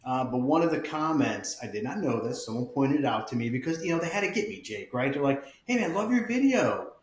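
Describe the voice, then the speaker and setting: A middle-aged man with an upstate New York accent, a fire chief guest talking in a relaxed, plain-spoken way. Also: medium pitch, fast talker, echoey room. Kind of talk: casual interview chat.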